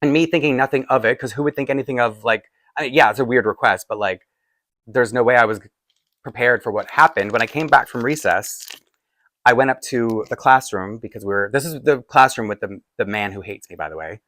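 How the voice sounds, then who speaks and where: A man's voice: medium pitch, fairly quick, a bit bright, no room sound. A man in his forties telling a personal story in a casual, rambling way, with many fillers and restarts. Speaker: doll collector vlogger.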